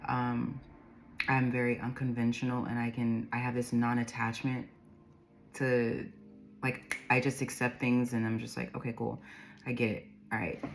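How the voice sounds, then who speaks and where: Brief: deep-voiced woman, tarot reader, chatty and rambling, laughs a lot, soft music underneath. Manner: rambling, laughs often, reads card meanings aloud. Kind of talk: intuitive tarot reading.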